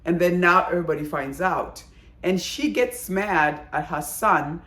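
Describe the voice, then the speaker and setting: A woman giving a casual, chatty video review of a drama, talking in an animated, exclaiming way. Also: fairly low pitch, unhurried, reverberant.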